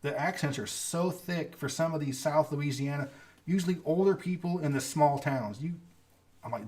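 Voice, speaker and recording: A Californian man with a Californian accent hosts a casual livestream, answering viewer questions in a rambling, chatty way with small laughs. His voice is fairly high, a little mellow, and a little slow.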